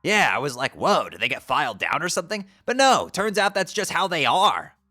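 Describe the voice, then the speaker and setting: A man voicing an angry young male troll who rants loudly and sounds exasperated. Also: a little high, huge pitch swings, fairly quick, soft background music, pitched above the performer's own voice, full character voice. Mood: scornful. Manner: ranting, loud and exasperated.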